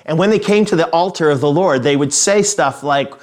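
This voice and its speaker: A man's voice: fairly high pitch, a little fast, darkish tone. A middle-aged man preaching a sermon in a conversational, storytelling way, with frequent restarts. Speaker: pastor.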